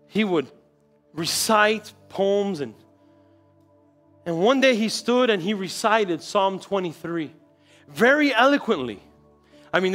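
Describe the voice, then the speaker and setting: A male pastor preaching a sermon in a church, telling a story with dramatic swings between quiet and loud. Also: high-pitched. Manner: storytelling, dramatic shifts in loudness.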